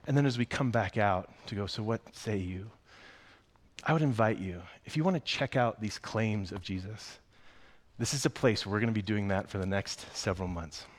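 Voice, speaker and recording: A man preaching a sermon as a pastor, speaking in a conversational, expressive way. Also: on the low side, brisk. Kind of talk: sermon with story reading.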